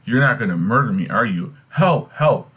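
A man's voice: fairly low pitch, lively intonation, quick pace, slightly rough. A man reading a middle-aged queen's lines, pleading and alarmed. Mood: panicked. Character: frightened queen mother, middle-aged woman.

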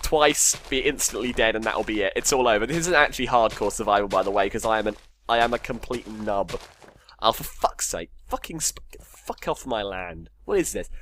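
A man's voice: lowish voice, a bit bright, slight background noise. A man casually commentating his Minecraft game, joking, swearing and talking to himself. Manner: swears a lot, jokey, talks to himself. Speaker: gamer.

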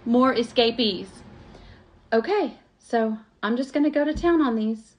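A woman's voice: a little high, lively intonation, measured pace, darkish tone. Chatty woman crafting on camera. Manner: chatty, self-deprecating, talks to viewers as y'all. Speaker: craft vlogger. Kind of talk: live craft tutorial chat. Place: home craft table, indoors.

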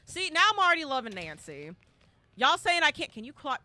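An excitable woman commenting on a live game stream. Her high voice swings widely up and down, with a bright tone. She keeps breaking into loud, repeated cheers and exclamations. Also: fairly quick.

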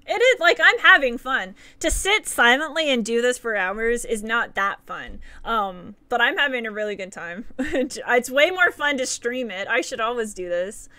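Brief: bright, bubbly female streamer, giggly and chatty, dry close sound. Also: a little high, expressive, normal speed, no echo. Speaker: game streamer. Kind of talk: casual live-stream chat with viewers.

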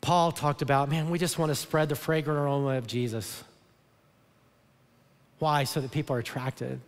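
A man's voice: a little high, fairly even intonation, moderate pace. Earnest male pastor preaching in a hall. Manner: earnest, repeats words and restarts often, rises to emphatic bursts. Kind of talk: sermon. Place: large church auditorium. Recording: long hall reverb.

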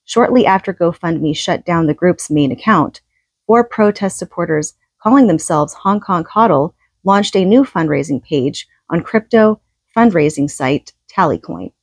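A woman reading a nonfiction book aloud, steady and measured, with an occasional casual aside. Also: lowish voice, husky, no room sound. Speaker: audiobook reader.

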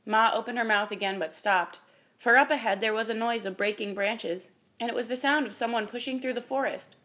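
A woman reading a children's chapter book aloud in a calm, even manner. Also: on the high side, a little fast. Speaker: reader. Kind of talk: storybook reading.

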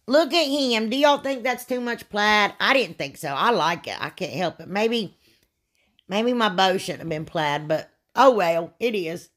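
A woman, talking through a DIY craft tutorial in a rambling, self-deprecating way, with a sore throat and frequent throat clearing. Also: mid-range voice, animated, unhurried, fairly bright tone. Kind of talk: casual craft tutorial voice-over.

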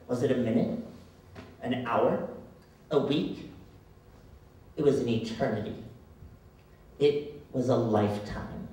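A man performing spoken word poetry on a live stage, dramatic and rhythmic with long pauses. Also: medium pitch, dark tone. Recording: echoey hall, distant mic.

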